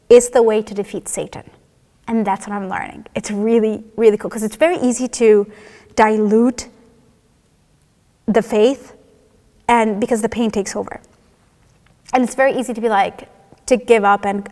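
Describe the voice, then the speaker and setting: A woman giving a candid, heartfelt personal faith testimony in a conversational way, with many fillers such as "like" and "you know.". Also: on the high side. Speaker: church member sharing testimony. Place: church hall. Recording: long reverb of a large hall.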